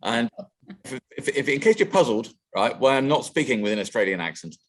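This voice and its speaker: Lively British-born man, author guest. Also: mid-range voice, brisk, vocal fry. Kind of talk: casual interview.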